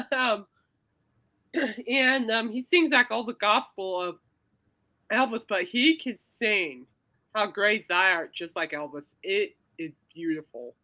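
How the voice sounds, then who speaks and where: A woman hosts a casual podcast with a bright, sharp voice. She chats and giggles freely, drawing her words out long when she gets emotional. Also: medium pitch, expressive, slow. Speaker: podcast host. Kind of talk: casual chat.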